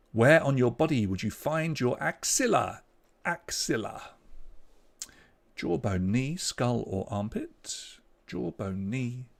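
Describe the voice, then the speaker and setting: A man's voice: mid-range voice, gravelly. A man hosting an online pub quiz, reading out questions and scores with chatty, jokey asides. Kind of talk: live quiz hosting, casual chat.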